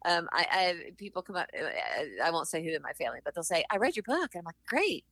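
Middle-aged actress chatting in an interview, acts out quotes, dry sound, no room echo. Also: female voice, low-pitched, fast, vocal fry. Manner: animated storyteller, acts out quotes. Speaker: actress and author. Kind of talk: interview conversation.

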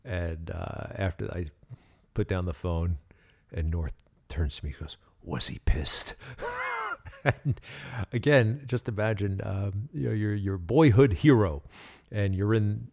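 Male podcast host with a deep voice, casual anecdotal storyteller with halting delivery. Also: gravelly, darkish tone. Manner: rambling, halting, many fillers and chuckles.

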